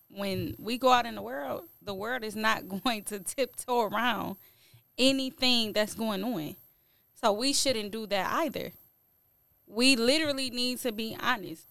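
A woman gives her honest take in a church conversation, earnest and direct with small laughs. Her voice is slightly high and smooth. The recording is close and dry. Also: fairly bright tone, no room sound. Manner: earnest, frank, laughs lightly mid-sentence. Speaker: podcast guest. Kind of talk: casual faith discussion.

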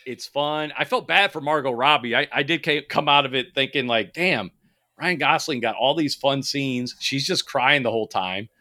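Bright-voiced man in animated casual chat. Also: mid-range voice, moderate pace. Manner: animated, profane, laughing, many fillers and restarts. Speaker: podcast co-host.

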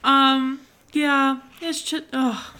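A woman's voice: sits high, flat delivery, very slow, pushed and bright. A woman co-hosting a podcast, chatting casually and emotionally about a book, giggling and gushing between passages she reads aloud. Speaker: podcast co-host.

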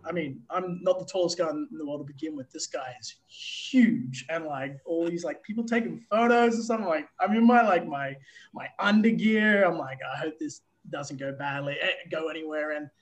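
Australian man, guest umpire; upbeat, chatty storyteller, somewhat higher pitch. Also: normal speed, low-quality recording. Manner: animated, filler-heavy storytelling with swearing. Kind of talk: casual interview storytelling.

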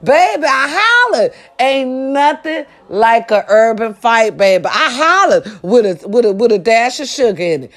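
Loud, profane woman ranting comically. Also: lively intonation, normal speed, hardly any pauses. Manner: loud, profane, hollering, swinging pitch. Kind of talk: comedic rant to the camera.

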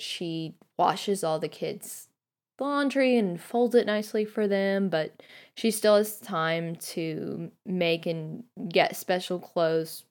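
A young woman guest-hosting a podcast, talking in a thoughtful, soft-spoken way with a few fillers. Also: lowish voice. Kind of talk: casual reflective commentary.

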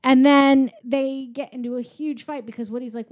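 A woman in her thirties casually recapping a movie plot, jumping into quick character voices as she retells scenes. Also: high voice, no room sound. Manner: animated, acts out characters' lines in quick voices.

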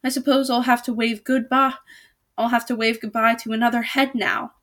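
A woman reading a storybook aloud, voicing a gentle, timid male dragon with three heads who pleads and hisses. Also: fairly high pitch, flat delivery, normal speed, close to an everyday voice. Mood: plaintive. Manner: hissing, pleading.

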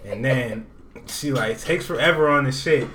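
A young man on a podcast rants through a story with lots of cursing. He sounds far from the mic in an echoey room. Clear background noise runs the whole time. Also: medium pitch, moderate pace. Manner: animated, profane ranting storyteller. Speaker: podcast co-host.

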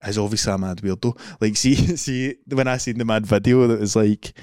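A man's voice: lowish voice, steady tone, a little fast, darkish tone, clear, resonant tone, no room sound, studio quality. A young Scottish man co-hosting a podcast, chatting casually and rambling with lots of swearing and fillers. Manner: rambling, swearing, laughing a lot, filler-heavy. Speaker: podcast co-host. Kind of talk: casual chat.

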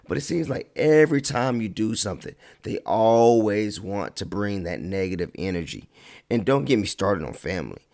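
A man giving a casual motivational talk, animated, stretching words for emphasis and mocking his critics. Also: fairly low pitch, normal speed, creaky.

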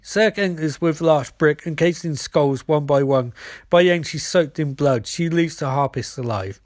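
Man, screenplay read-through, stage directions, slightly high voice, dry sound. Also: no echo. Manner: reads stage directions aloud, frequent slips. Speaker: narrator reading a screenplay.

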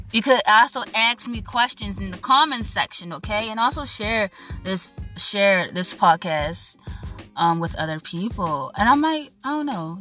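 A young woman hosting a casual podcast rant from home, loud, hyper and playful, swearing and rambling as she goes. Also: medium pitch. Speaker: podcast host.

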